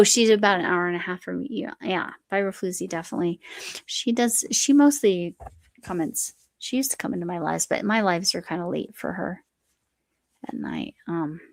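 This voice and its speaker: A woman's voice: lowish voice, moderate pace, vocal fry, long pauses, no echo. A woman hosting a casual live chat while she crochets, reading viewer comments aloud and talking to her cat. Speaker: livestream host.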